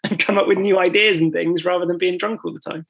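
A man's voice: high voice, fairly even intonation, fast talker, creaky, fairly bright tone, husky. A man co-hosting a podcast, chatting agreeably and repeating words as he thinks. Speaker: podcast co-host. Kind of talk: casual chat.

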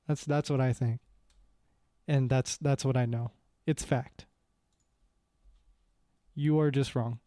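A man's voice: medium pitch, warm tone, no room sound. A young Canadian man chatting casually with friends, blunt and teasing, repeating himself. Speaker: friend in group chat. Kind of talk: casual chat.

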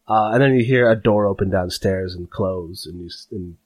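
A man's voice: deep voice, moderate pace, few pauses. A man narrating a tabletop game as game master, rambling with lots of fillers. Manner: rambling, filler-heavy, animated.

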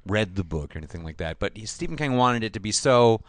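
A man's voice: on the low side, expressive, fast, no room sound. A man in casual chat as a podcast co-host, blunt and opinionated, swearing freely.

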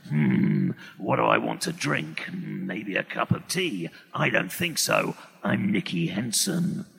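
A man putting on a low, gravelly 1970s leading-man voice, drawling slowly with self-important pauses. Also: big pitch swings, a bit bright, exaggerated voice. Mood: languid.

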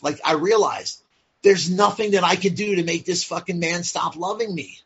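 A man's voice: high-pitched, moderate pace, a bit bright, husky. A man guest telling his story candidly and bluntly, swearing freely and filling his speech with "like" and "you know". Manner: blunt and profane, many fillers like "like" and "you know". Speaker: podcast guest. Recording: dull lo-fi sound.

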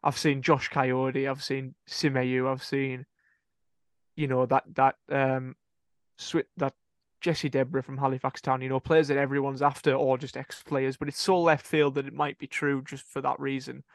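A man's voice: medium pitch, little pitch movement, moderate pace, no room sound. Rambling man, dry close sound. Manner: rambling, self-correcting, laughing at own slips. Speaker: podcast co-host reading transfer rumours. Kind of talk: casual podcast chat.

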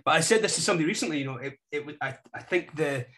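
Scottish guest, forties, relaxed storyteller who pokes fun at himself. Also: male voice, a little high, very fast. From Scotland. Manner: self-deprecating, chatty storyteller. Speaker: podcast guest. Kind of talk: casual chat.

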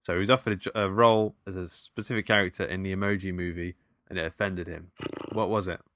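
A man's voice: low voice, steady tone, fast talker, fairly bright tone, dry recording, studio quality. A man co-hosting a casual film podcast, reading out trivia questions and teasing his co-host. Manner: quizzing with playful banter.

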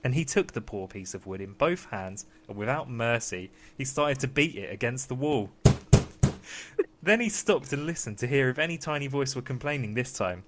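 A man's voice: mid-range voice, lively intonation, normal speed, very noisy. A young man hosting a comedy podcast, reading a children's story aloud in a mock-soothing, playful storyteller voice. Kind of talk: comic bedtime-story reading.

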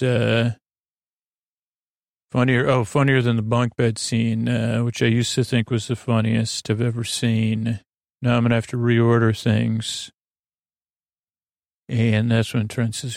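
A man in the middle of his range talks unhurriedly, with a gravelly edge, as he recaps an episode for sleep listening. He stops often on hesitant filler pauses. The sound is dry and close to the mic, with no room around it. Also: mid-range voice, little pitch movement, dry recording. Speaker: podcast host recapping a TV episode.

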